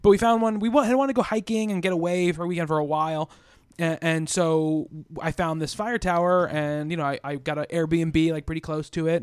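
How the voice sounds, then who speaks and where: A man's voice: a little high, smooth, no echo. A man co-hosting a podcast, talking in an easygoing, rambling way with many restarts on a close mic. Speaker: podcast co-host. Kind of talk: casual chat.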